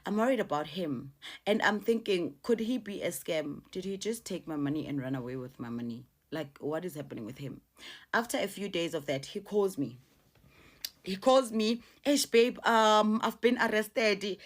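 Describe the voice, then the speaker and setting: Animated middle-aged South African woman. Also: lowish voice, moderate pace. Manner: animated, repeats exclamations, mixes in local words. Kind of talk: personal storytelling.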